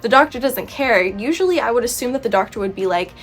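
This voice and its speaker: A woman's voice: a little high, lively intonation, fast. A woman chatting through a book review vlog, exasperated and rambling, with many "like"s. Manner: exasperated, chatty, heavy use of "like".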